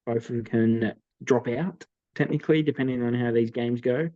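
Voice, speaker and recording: A man's voice: medium pitch, normal speed, dark tone, dry recording, highs cut off. Laid-back Australian man previewing footy. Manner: laid-back, runs through team lists with fillers. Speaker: podcast co-host. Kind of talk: casual sports chat.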